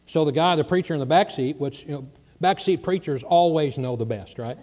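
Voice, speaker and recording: A man preaching, telling a story in an animated way and acting out the voices of the people in it. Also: on the high side, a little fast. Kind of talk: sermon storytelling.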